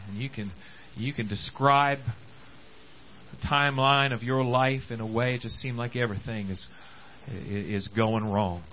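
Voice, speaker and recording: A man preaching a sermon, with words often repeated and frequent amens, swinging between loud rising calls and quiet low asides. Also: measured pace, dull audio, slight background noise. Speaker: pastor. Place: church service.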